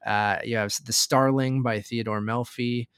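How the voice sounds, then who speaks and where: A man's voice: medium pitch, fairly even intonation, measured pace, a bit bright, clean tone, no echo, clean studio sound. A man with a Canadian accent co-hosting a casual film podcast, easygoing and self-deprecating, trailing off into asides. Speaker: podcast co-host discussing films.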